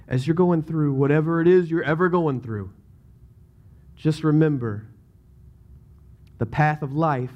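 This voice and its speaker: A man's voice: medium pitch, mellow. A man with a Southern US accent preaching a sermon as pastor, in a casual, rambling way that keeps interrupting itself.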